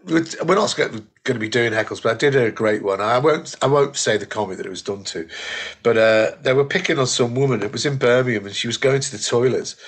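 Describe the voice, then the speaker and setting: A man's voice: mid-range voice, fast. A middle-aged British man, a comedian co-hosting a podcast, chatting casually and telling anecdotes between laughs. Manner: storytelling, laughing often, restarts. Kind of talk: casual chat.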